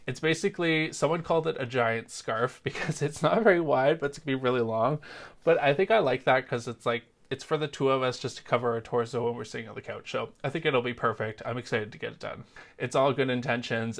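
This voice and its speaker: A man's voice: medium pitch, fast, fairly bright tone. A young adult man from Canada, chatting casually in a vlog with jokey, self-deprecating asides. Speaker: crochet vlogger.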